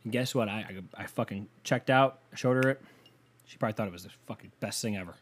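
A podcast host with a lowish voice talks fast, ranting casually in a heated, sarcastic, profane way. He rambles through stories and fills them with lots of filler words.

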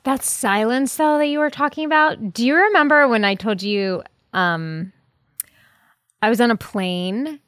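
A woman's voice: fairly high pitch, unhurried, fairly bright tone, no echo, clean studio sound. A woman in casual chat, reacting to a friend's story and telling a story of her own.

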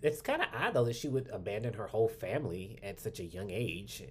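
A man co-hosting a podcast in casual chat, chatty and quick to laugh, swearing freely. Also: lowish voice, lively intonation, darkish tone, husky. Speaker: podcast co-host.

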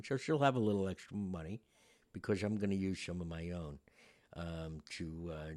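A podcast host with a low, darkish voice tells a story casually. His delivery meanders and turns reflective, packed with fillers.

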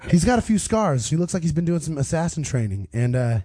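A man's voice: on the high side, very animated, fast, mellow, slightly rough. A young man narrating as game master in a tabletop game, rambling and loose with many fillers.

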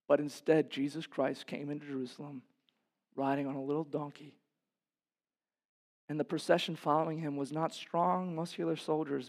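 A man preaching a sermon as pastor in a church. He is impassioned, asks the congregation rhetorical questions, and swings from loud, emphatic peaks down to hushed, low passages.

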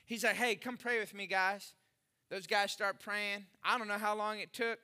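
A middle-aged man preaching a sermon as a pastor, his voice pitched high and ringing with a sharp, forceful brightness. He speaks with animation and slips into the voices of the people in the story as he reads. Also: level tone, normal speed.

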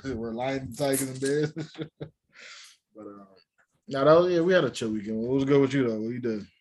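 Husky-voiced New man chatting. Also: medium pitch, animated, a little mellow. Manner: rambling, slangy, quick to laugh. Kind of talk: casual chat.

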